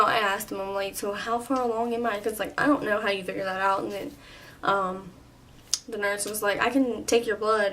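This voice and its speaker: A woman in her twenties telling a storytime vlog, animated and full of "like", with some swearing. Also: mid-range voice, far from the mic, slight background noise. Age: 20s. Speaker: vlogger.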